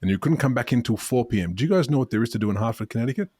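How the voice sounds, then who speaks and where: An Australian podcast host engages in casual banter, rambling and frequently restarting his sentences. His mid-range voice is expressive, warm, and husky, and he talks at a racing pace.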